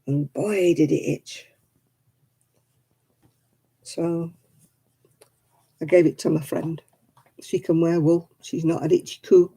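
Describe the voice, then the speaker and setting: A woman's voice: lowish voice, mellow, slightly rough. A woman hosting a crafting livestream at home, chatting casually and rambling as she crochets, counting stitches under her breath. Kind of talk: casual chat while crocheting. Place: at home indoors.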